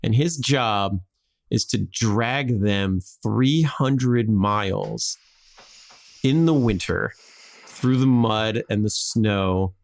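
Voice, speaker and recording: A man's voice: fairly low pitch, very slow, gravelly. A man hosting a podcast, telling a history story casually with lots of "like" and jokey acted-out quotes.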